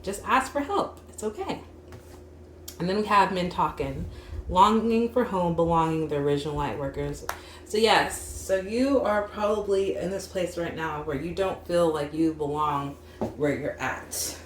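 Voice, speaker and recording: Young woman tarot reader, low-pitched, casual and rambling, recorded in an echoey room. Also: normal speed. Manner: chatty, frequent "like" fillers, laughs while talking. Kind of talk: casual tarot reading monologue. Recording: echoey room with faint hum.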